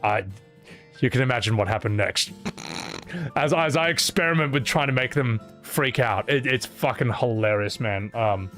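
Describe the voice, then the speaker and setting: A man's voice: medium pitch, normal speed, fairly bright tone, soft background music. A man streaming, chatting casually and animatedly, laughing often and swearing freely.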